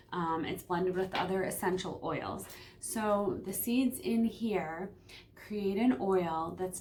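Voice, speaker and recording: A woman talking casually in a home vlog, chatty and hesitant with frequent ums, sometimes dropping to a hush. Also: lowish voice, slight background noise. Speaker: vlogger.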